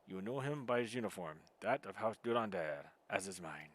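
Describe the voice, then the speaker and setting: A man's voice: lowish voice, animated, a little fast, close to an everyday voice. A man voicing a proud, haughty male knight commander in a put-on French accent, speaking formally and stiffly. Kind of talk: reading game dialogue in voices.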